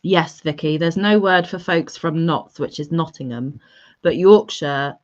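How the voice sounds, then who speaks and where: A playful woman, chatting and reading out viewer messages on a casual livestream. Her voice sits a little low, and the audio is dull and lo-fi. She keeps a lively, joking back-and-forth going. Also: measured pace. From England (Devon). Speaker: livestream co-host. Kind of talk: casual chat. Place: home livestream.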